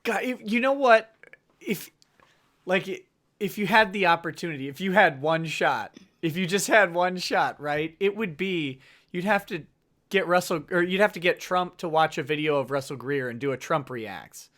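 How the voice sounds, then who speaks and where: A man's voice: a little high, normal speed, fairly bright tone. A man hosting a casual livestream chat, riffing and laughing often. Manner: chatty, laughs often, riffs on jokes. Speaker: host.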